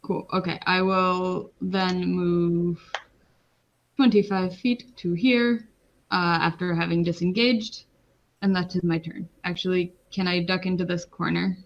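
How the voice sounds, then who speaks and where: A woman's voice: on the low side, steady tone, measured pace. Woman player on a lo-fi mic. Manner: hesitant, asks about the rules. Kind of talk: tabletop game play over a call. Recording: dull lo-fi mic.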